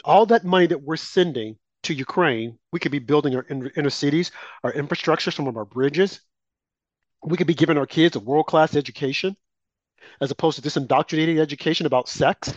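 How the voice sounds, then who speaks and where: A man with a fairly high voice co-hosts a political talk show, firing off indignant rhetorical questions and mocking asides. The sound is dull and lo-fi, and the room is dry and close. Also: brisk, no echo. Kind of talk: political talk radio commentary.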